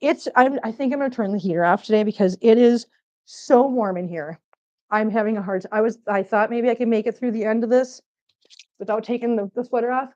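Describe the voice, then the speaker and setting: A woman's voice: a little high, brisk, a little mellow, muffled recording. A woman from Missouri hosting a casual livestream from home on a laptop mic, chatting and rambling and cooing baby talk to her cats. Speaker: cat channel host. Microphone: laptop microphone.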